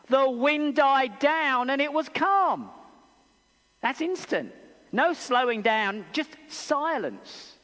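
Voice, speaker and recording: A man with an English accent preaching a sermon in a church, telling stories with animated, acted-out voices. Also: very high voice. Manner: animated storytelling, acts out voices. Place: church hall. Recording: long church reverb.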